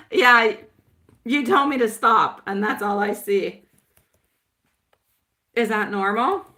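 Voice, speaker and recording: A woman's voice: fairly high pitch, drawn-out words, long pauses, sharp tone. A woman reading tarot on a live stream in casual chat, affectionate and laughing often, calling viewers my love and sweetie pie.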